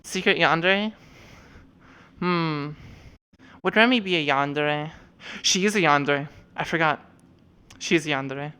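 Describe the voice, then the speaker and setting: A young woman chatting casually on stream and wandering between thoughts with plenty of fillers and swearing. Her voice sits low for a woman and sounds smooth and clean. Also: unhurried, long pauses, pushed and bright. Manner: rambling, lots of fillers and profanity. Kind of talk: casual chat while showing avatars.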